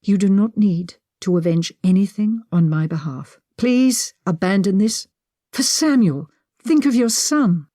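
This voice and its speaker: A woman's voice: medium pitch, animated, a little slow, mellow, no room sound, studio quality. A woman voicing an anxious young duchess in a period audiobook, earnest and pleading.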